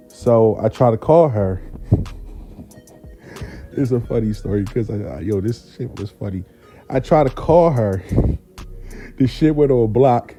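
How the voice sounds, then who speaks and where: Man, dark mellow voice, profane comic storyteller, faint music behind. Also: medium pitch. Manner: profane, animated, laid-back. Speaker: storyteller host. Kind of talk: comic personal anecdote.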